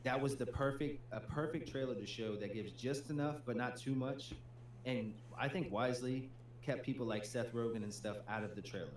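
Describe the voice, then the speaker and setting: This gaming channel co-host, an adult man with a young child, keeps the livestream chat casual and leans on "dude" and "man." He speaks in a mid-range voice at a moderate pace, and the echoey room carries a faint hum.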